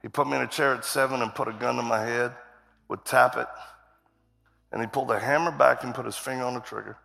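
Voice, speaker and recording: Gravelly, bright-voiced man preaching a testimony. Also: mid-range voice, steady tone, fast, long reverb tail, faint music behind. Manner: vivid storytelling, acting out quotes. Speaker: guest preacher. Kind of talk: testimony sermon. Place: church auditorium.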